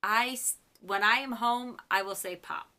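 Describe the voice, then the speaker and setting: A young woman from Michigan hosts her own fan channel, recapping an episode in a casual, gushing way. Her voice sits at a middling pitch and has a bright, forward edge. She chats along like an excited fan. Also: measured pace, clear, resonant tone. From Michigan, US Midwest.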